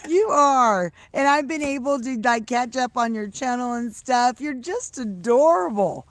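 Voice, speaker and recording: A woman's voice: fairly high pitch, animated, a little slow, hardly any pauses, no room sound. A middle-aged woman livestreaming outdoors on a farm, chatting casually with viewers in a loose, laughing way and swearing freely. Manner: loose, laughing, salty talk. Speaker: livestreaming vlogger. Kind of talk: casual live chat with viewers.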